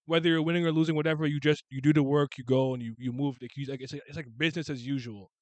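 A man hosting a casual sports chat, blunt and animated, swearing freely and restarting his sentences. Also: a little high, rapid-fire, dry recording.

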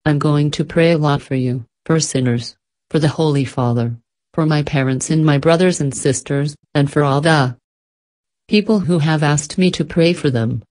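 A woman narrating an audiobook in a calm, reverent reading. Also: low-pitched, normal speed. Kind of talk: scripted narration.

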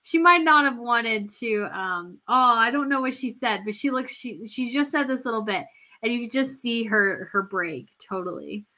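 A woman's voice: fairly high pitch, lively intonation, moderate pace, bright, forceful tone. A woman hosting a casual livestream, gushing and chatty, with many fillers and restarts. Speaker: royal news livestream host.

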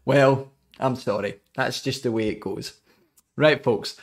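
A man's voice: mid-range voice, measured pace. Scottish male coach in his forties, jokey and chatty, hosting a live podcast. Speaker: cycling coach.

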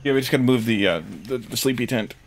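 A man's voice: medium pitch, fast, slight background noise. A man hosting a casual game stream, chatting with friends and reading out viewer names and redemptions. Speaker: stream host.

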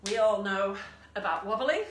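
Leading an online exercise class from home, with a dog nearby, a woman instructor gives encouraging cues, countdowns, and chatty asides. Her voice is mid-range at a moderate pace, heard from a distance in an echoey room with faint noise.

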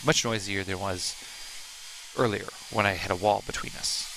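A man's voice: on the low side, fairly even intonation, moderate pace, creaky, background noise. A man co-hosting a live stream, chatting casually with playful, rambling asides. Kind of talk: casual chat.

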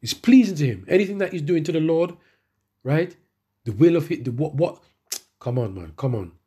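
Reading scripture at a slow pace, this preacher then launches into his sermon with emphatic vocal rises. His voice sits fairly high and is expressive, warm and husky.

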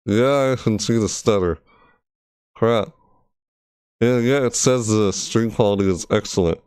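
Speaking in a lowish, unhurried, smooth voice with a darkish tone, a gaming streamer chats casually on a live stream from his computer. He vents his frustration aloud, addresses his chat, and keeps repeating words while testing things; there's no room sound.

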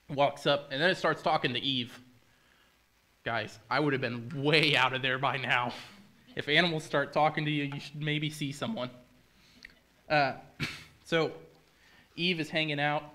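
A man's voice: medium pitch, bright, forceful tone. A man preaching a casual, joking sermon in a church, retelling a story with chatty asides to the congregation. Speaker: pastor.

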